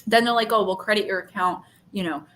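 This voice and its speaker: A woman's voice: mid-range voice, quick pace, a bit bright. A woman hosting a casual livestream, telling an annoyed story and acting out both sides of phone calls. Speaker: livestream host.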